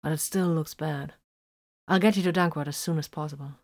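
A woman voicing a calm male warrior who speaks quietly and steadily to his wounded brother. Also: low voice, brisk, natural voice.

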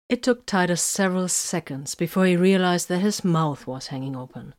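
Low-voiced woman narrating a story. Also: normal speed, few pauses, darkish tone. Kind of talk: audiobook narration.

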